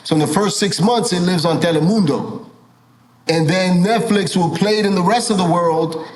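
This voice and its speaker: A man with a fairly high speaking voice tells stories in a relaxed interview, animated and loose, swearing now and then. He acts out other people's lines as he goes. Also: normal speed, slight background noise, low-quality recording. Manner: animated, swears casually, acts out quoted dialogue. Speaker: film and TV director, guest. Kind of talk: casual interview storytelling.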